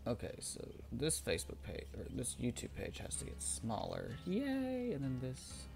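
A man chatting through a livestream in a lively, up-and-down voice, with faint music underneath. He swears freely and drifts from quiet mutters to sudden loud bursts. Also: mid-range voice, moderate pace, creaky. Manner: chatty, swears, swings from mumbling to loud outbursts. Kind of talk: casual chat while live gaming.

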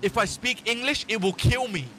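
A man's voice: very high voice, normal speed, slight background noise. A man hosting a game session, chatting casually and joking with a friend while he plays. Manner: excitable, joking, talks to his friend. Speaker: gaming channel host. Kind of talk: casual let's play chat.

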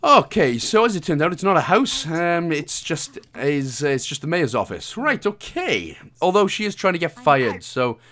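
A man's voice: fairly high pitch, fairly bright tone. A man from Wales, hosting a casual game walkthrough with jokey, rambling, self-mocking asides. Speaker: video game walkthrough host.

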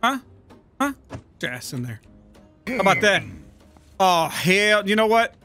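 Male gaming host, loud and profane, high and bright. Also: sing-song, unhurried, soft background music. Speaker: gaming YouTuber. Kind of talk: gameplay commentary.

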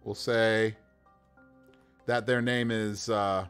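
A male game master on a livestream chats casually and rolls dice to make characters, animated and laughing often. His smooth voice sits on the low side and moves very slowly, with soft music underneath.

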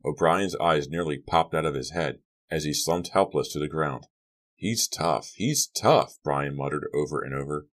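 A man's voice: rumbling low, steady tone, moderate pace, hardly any pauses, fairly bright tone. A man reading a teen horror novel aloud as an audiobook narrator, lifting his voice for the characters' lines.

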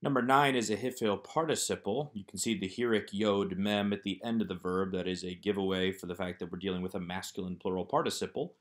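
A man's voice: low voice, steady tone, a little fast, hardly any pauses. A man teaching a recorded Hebrew grammar lesson, walking through workbook exercises one by one in a methodical, explanatory way.

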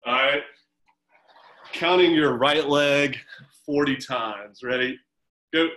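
A man's voice: mid-range voice, takes it slowly, bright, forceful tone, poor audio. A man coaching a swim team through a home workout on a video call, giving chatty, encouraging instructions with fillers.

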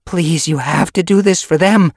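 Storybook she-cat medicine cat, played by a man, high, husky, emotional. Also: moderate pace, darkish tone, no echo, clean studio sound. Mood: pleading. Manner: strained, emotional pleading.

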